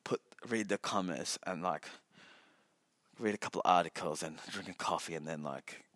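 A man's voice: sits low, brisk, fairly bright tone, no echo, studio quality. A young man hosting a casual solo podcast, rambling and self-mocking, swearing often. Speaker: podcast host.

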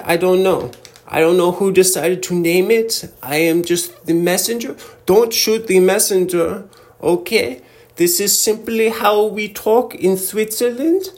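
A man's voice: high-pitched, a little mellow. A man putting on the voice of a very proper Swiss man who speaks in a stiff, formal and pompous way.

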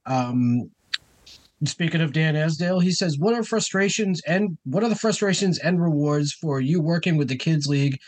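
A man co-hosting a podcast, relaxed as he reads out listener questions. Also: on the high side, moderate pace. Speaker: podcast co-host. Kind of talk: casual podcast chat.

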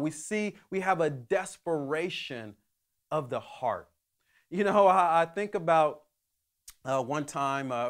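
Male pastor, conversational sermon delivery, somewhat high voice, halting restarts. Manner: conversational, with many restarts and fillers.

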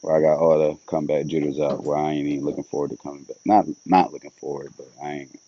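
A man's voice: rumbling low, flat delivery, fast, highs cut off, slight background noise. A young man hosting a solo podcast, rambling casually with loads of slang and swearing. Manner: loose, rambling and upbeat, with lots of slang and swearing.

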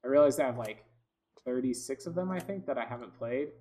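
A man's voice: mid-range voice, lively intonation, brisk, dark tone, soft background music. A man giving casual gameplay commentary, rambling with lots of fillers and restarts, often frustrated. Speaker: gaming video host.

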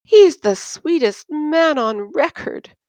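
A woman reading aloud and voicing Christine, a naive, tearful young woman who pleads in a high, slow voice. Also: sing-song, no echo, lightly acted. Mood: upset.

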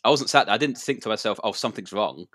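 A man's voice: on the low side, quick pace, fairly bright tone, no room sound, clean studio sound. A man who wrestles, telling a story in a rambling casual chat with many fillers and restarts.

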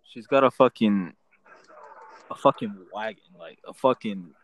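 A man's voice: lowish voice, measured pace, highs cut off. A young man co-hosting a casual podcast, telling a long story with lots of swearing and restarts. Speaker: podcast co-host. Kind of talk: casual chat.

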